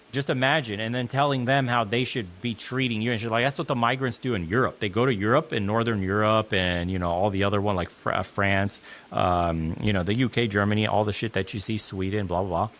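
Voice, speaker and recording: A man's voice: lowish voice, brisk, a bit bright. A man in a clip played from another video, delivering a blunt, heated, profane opinion rant. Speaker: commentator in a reacted video.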